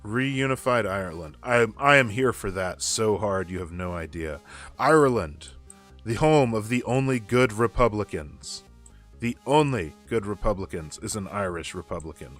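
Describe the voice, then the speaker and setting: A man's voice: lowish voice, lively intonation, normal speed, a bit bright, faint music behind. A man from the United States streaming a game and ranting about politics with sarcasm and frequent swearing. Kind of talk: casual chat while gaming.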